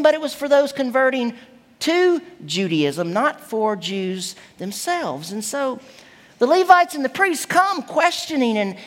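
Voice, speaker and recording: A woman delivers a sermon with emphatic, expressive teaching. Her voice sits a little high and swings widely in pitch. A long hall reverb trails each phrase. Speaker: preacher.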